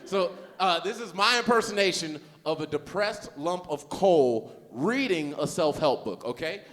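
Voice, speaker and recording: Male stand-up comic from Los Angeles with a high, very lively delivery and a slangy, self-mocking style, live on stage in a reverberant hall. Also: unhurried. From Los Angeles, USA. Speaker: stand-up comedian. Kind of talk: stand-up comedy set. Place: comedy festival stage.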